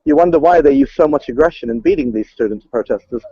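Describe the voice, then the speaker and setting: A man's voice: on the high side, big pitch swings, fast, gravelly, breathy edge, muffled recording. A man giving a live street report over a mobile stream, hesitant and full of fillers. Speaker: field reporter. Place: city street outdoors. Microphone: phone over a mobile stream.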